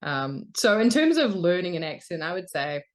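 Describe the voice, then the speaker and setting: A young woman from New Zealand talks as a guest in a relaxed interview. Her voice sits on the low side, and she chats freely, laughing often between thoughts. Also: normal speed. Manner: lively, laughs often, chatty. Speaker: voice actor guest. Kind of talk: casual interview chat.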